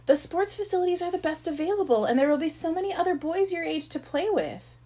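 A woman's voice: very high-pitched, expressive, fast talker, darkish tone, pitched above the performer's own voice. A woman reading the part of a sweetly reassuring mother who gushes over her son. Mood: cooing. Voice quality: cooing, gushing.

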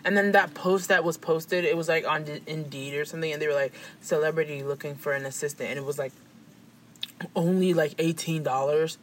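A woman in casual gossip chat, animated and profane, often acting out quoted voices. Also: low voice, fairly quick, a little hiss or hum.

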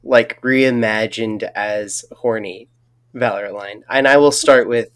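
A man's voice: lowish voice, steady tone, unhurried, clean tone. A man joking in casual podcast chat, stammering and restarting as he talks.

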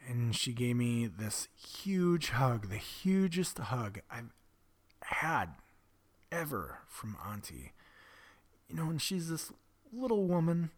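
A man telling a personal story in a candid, confessional way, often dropping to a breathy near-whisper and swearing bluntly. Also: medium pitch, sing-song, slow, long pauses. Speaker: vlogger telling his own story.

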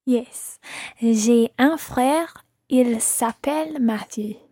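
A woman's voice: fairly high pitch, dark tone, slightly rough, no room sound. A woman taking part as a learner in a podcast language lesson, carefully repeating phrases. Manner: careful, unhurried repetition of phrases.

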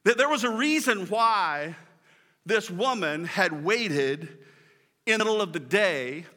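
A man preaches at a church service in a high, bright voice. His delivery is energetic and folksy, full of restarts and repeated words. A long reverb trails each phrase through the hall. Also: slow. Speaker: pastor. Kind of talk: sermon.

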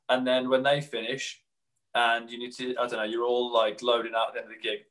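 A man co-hosting a podcast in casual chat, telling animated stories and slipping into quick mimicked voices of other people. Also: mid-range voice, low-quality recording. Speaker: podcast co-host.

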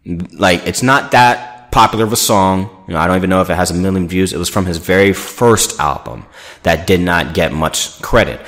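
Low-voiced man ranting casually. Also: a bit bright. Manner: profane, rambling, acts out quoted voices. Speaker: podcast host. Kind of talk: casual storytelling rant.

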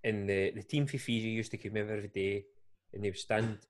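A man's voice: lowish voice, level tone, brisk. A man with a Scottish accent hosting a podcast, telling long rambling anecdotes in casual chat and laughing often. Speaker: podcast host.

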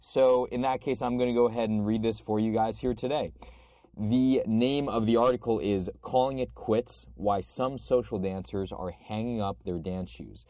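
Male podcast host, a bit sick, reads aloud; lowish, warm, dry. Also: fairly even intonation, moderate pace, no room sound. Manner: conversational, reading steadily. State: has a cold. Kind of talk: reading an article aloud.

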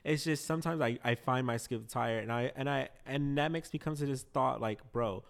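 A man's voice: medium pitch, moderate pace, creaky, smooth. A man hosting a podcast, speaking candidly in casual conversation and laughing a little when he gets emotional. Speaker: podcast host.

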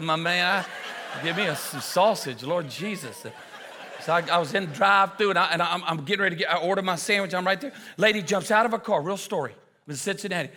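A male pastor preaching a sermon full of comic stories, with excitable shouting bursts and quick asides. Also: high-pitched, a little hiss or hum. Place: church auditorium. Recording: preaching in a large echoing hall with audience.

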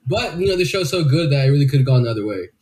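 A man's voice: medium pitch, lively intonation, rapid-fire, darkish tone. A man co-hosting a podcast in casual chat, loose and profane with plenty of fillers. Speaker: podcast co-host.

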